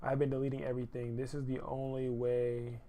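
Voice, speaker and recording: A man's voice: medium pitch, monotone, a little fast, warm tone. A young man photographer chatting loosely on his live stream while he edits, full of slang and repeated phrases. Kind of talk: casual live-stream chat.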